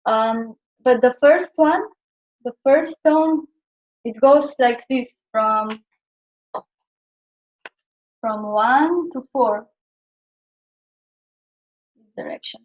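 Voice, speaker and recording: Slow, hesitant woman teacher, lo-fi sound. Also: on the high side. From Slovenia. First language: Slovenian. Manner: hesitant, searching for words, many fillers. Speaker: Chinese language teacher. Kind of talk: classroom explanation at a whiteboard. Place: classroom. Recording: dull lo-fi classroom recording.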